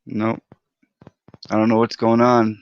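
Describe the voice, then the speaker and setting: Male livestream host, relaxed and chatty, heavy fry in a lowish voice, dry close sound. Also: measured pace, dry recording. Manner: laid-back, chatty, greets viewers by name. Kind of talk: casual livestream chat. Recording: dry, dull lo-fi audio.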